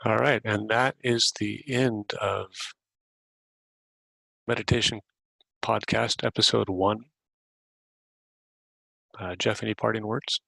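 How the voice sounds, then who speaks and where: Gravelly-voiced man guiding a meditation. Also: lowish voice, steady tone, dry recording, rough recording. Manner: gentle, unhurried, asks the listener questions. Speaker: podcast host guiding a meditation. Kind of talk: guided meditation.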